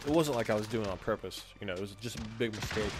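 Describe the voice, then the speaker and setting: A man's voice: on the low side, rapid-fire, slight background noise. A man casually telling a personal story to his viewers, acting out what people said and using lots of fillers. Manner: animated retelling, acts out quoted lines, frequent fillers.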